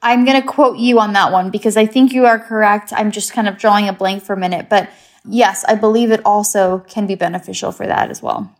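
An Englishwoman appearing as a guest expert speaks at a medium pitch with fairly even intonation, a little on the fast side. In casual chat, she explains things in an upbeat, chatty way, leaning on simple memory tricks.

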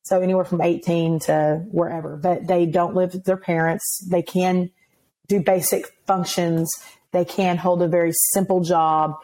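A woman who works as a police officer, telling a story in a casual, animated way, laughing and acting out voices as she goes. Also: fairly low pitch, moderate pace, low-quality recording.

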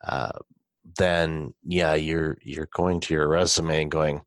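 A man hosting a podcast, talking in a casual, measured way with occasional restarts. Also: very deep voice, level tone, no room sound. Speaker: podcast host. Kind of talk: casual conversation.

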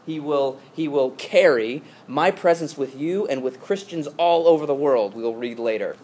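Male pastor, mid-pitched, preaching casually with asides and restarts. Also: normal speed, few pauses, a little mellow, slight background noise. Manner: conversational storytelling with asides. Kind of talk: sermon.

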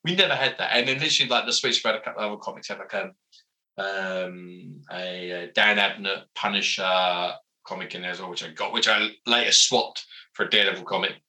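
A man, a comic book writer telling animated, self-mocking stories as an interview guest, full of fillers. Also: deep voice, a little fast, low-quality recording. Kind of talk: casual interview storytelling.

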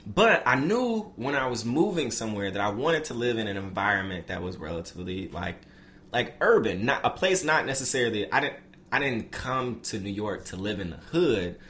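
A young man from Memphis in casual conversation, talking in a relaxed, thoughtful way with lots of fillers. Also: on the low side, normal speed, slight background noise. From Memphis, USA.

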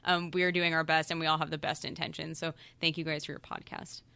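A woman's voice: deep voice, flat delivery, fast, gravelly, pushed and bright, clear, resonant tone, no echo. A woman who co-hosts a TV series, chatting casually with lots of "like" and frequent laughs. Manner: laughing, chatty, uses "like" a lot. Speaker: TV series co-host. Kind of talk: casual chat.

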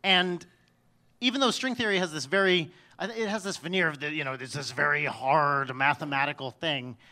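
A man's voice: a little high, normal speed, pushed and bright. A man telling a personal story on stage in a wry, self-mocking way, often restarting his sentences.

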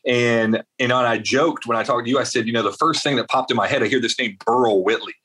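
Speaking fast in a husky, mid-range voice, this South Carolina man is a veterans advocate being interviewed. He's an animated storyteller who rambles through a long tale full of fillers and side comments.

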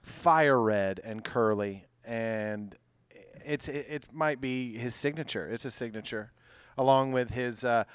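A man's voice: medium pitch, unhurried, smooth, no echo. A middle-aged man hosting a casual comedy podcast, swearing freely and telling stories with lots of energy. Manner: profane, animated storytelling. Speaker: podcast host.

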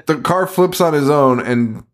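A man's voice: a little high, animated, a little slow. A man hosting a podcast, recapping a movie in casual chat, swearing often and laughing in disbelief. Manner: profane, laughing, incredulous storytelling. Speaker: podcast host.

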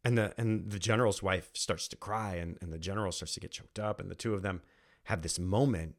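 A man's voice: low voice, fairly quick, vocal fry. A man, a former airman turned trainer, telling a personal story in an earnest, emphatic way, repeating phrases for weight. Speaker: podcast host and trainer.

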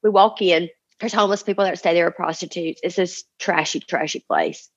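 A woman's voice: fairly low pitch, normal speed, slight background noise. A woman in her forties, a mother, telling an emotional personal testimony in an earnest, tumbling way, acting out the voices she quotes. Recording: dull lo-fi recording.

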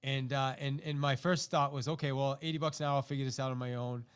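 A man's voice: mid-range voice, fast talker, clear, resonant tone. A middle-aged man, a podcast host, telling a personal story to listeners and acting out the quotes. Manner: animated, acts out quotes, repeats himself.

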